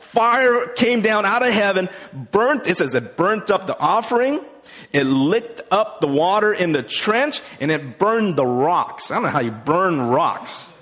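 Fairly high-voiced man preaching in a hall. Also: big pitch swings, measured pace, a bit bright. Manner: casual storytelling with many fillers. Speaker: pastor. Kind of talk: sermon. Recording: long hall reverb.

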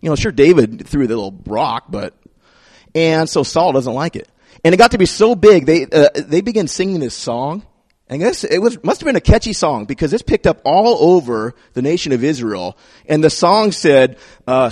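Male pastor, sermon, slightly high voice, conversational storytelling, playful asides. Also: animated, a little fast, no echo, clean studio sound.

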